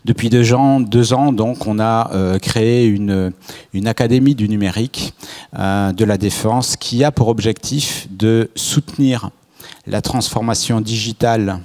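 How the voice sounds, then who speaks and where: A man's voice: lowish voice, normal speed, darkish tone. A man from France giving a keynote at a conference, speaking hesitantly with many fillers and restarts. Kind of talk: conference talk. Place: conference hall stage.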